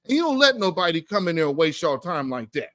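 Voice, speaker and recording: A man's voice: a little high, big pitch swings, quick pace, pushed and bright, no echo, clean studio sound. A man hosting a political commentary show, talking in an emphatic, slangy, fired-up way.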